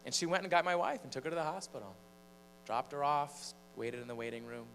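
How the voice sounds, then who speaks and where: A man's voice: fairly high pitch, fairly quick, gravelly. Man telling a story in a reverberant church. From Michigan. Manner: animated storyteller, building suspense. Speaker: preacher and singer. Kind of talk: storytelling from the pulpit. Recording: long church reverb, faint mains hum.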